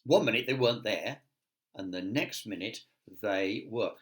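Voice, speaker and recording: A man's voice: fairly low pitch, normal speed. A man, a teacher, reading a picture book aloud to children with chatty asides to his listeners.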